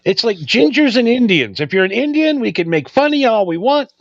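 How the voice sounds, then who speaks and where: A man's voice: very high-pitched, big pitch swings, brisk, no echo. Male co-host, crude banter, bouncy intonation, muffled dry recording. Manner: crude joking banter, trails off into tangents. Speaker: podcast co-host. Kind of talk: casual stoned chat.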